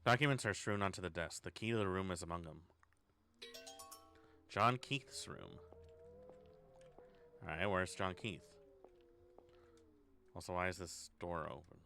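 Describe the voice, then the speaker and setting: A man's voice: deep voice, a little fast, a bit bright, a little hiss or hum. A man streaming a horror game, thinking aloud in a sarcastic, swearing way. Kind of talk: casual horror game let's play.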